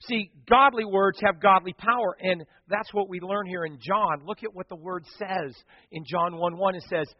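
A middle-aged man preaching a sermon, telling stories and swinging from hushed to loud. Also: high-pitched, normal speed, few pauses. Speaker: pastor. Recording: dull sound with long hall reverb.

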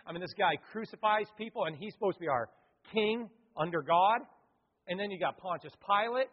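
A man preaching a conversational, animated sermon as a pastor in a church. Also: sits high, fairly quick, slightly rough. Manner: conversational, animated, acts out quotes and sings. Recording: echoey hall, thin phone-like sound.

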